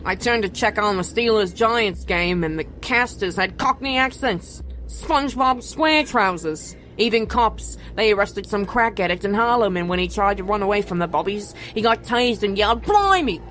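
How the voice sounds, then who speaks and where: A woman's voice: medium pitch, expressive, normal speed, few pauses, fairly bright tone, lightly acted, low-quality recording. Woman voicing a crude british husband, coarse slang, blunt, faint ambient hiss. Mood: grumbling. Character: crude rowdy British husband, middle-aged.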